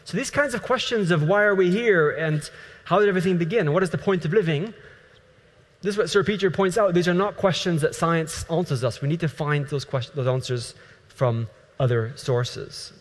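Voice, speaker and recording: A man's voice: on the high side, moderate pace, in a large hall. A man from the Netherlands, a scientist giving an earnest, thoughtful lecture to a group and restarting his sentences often.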